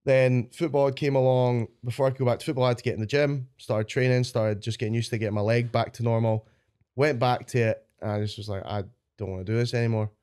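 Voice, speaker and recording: A man's voice: mid-range voice, level tone, fast, a little mellow, clear, resonant tone. A young adult man with a Scottish accent, a guest on a podcast, telling stories in a chatty, rambling way and swearing freely. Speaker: guest powerlifter. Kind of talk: casual podcast chat.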